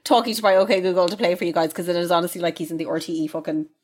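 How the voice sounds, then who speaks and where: Chatty woman, slightly low voice. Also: fairly even intonation, rapid-fire. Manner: chatty, swears freely, laughs often. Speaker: podcast host reading listener questions. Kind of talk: casual chat.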